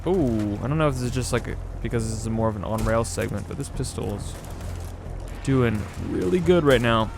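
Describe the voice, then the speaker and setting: Against a noisy background, a man with a medium-pitched, creaky voice talks briskly and animatedly. The gaming video host gives casual, sarcastic running commentary on a let's-play, often sounding exasperated.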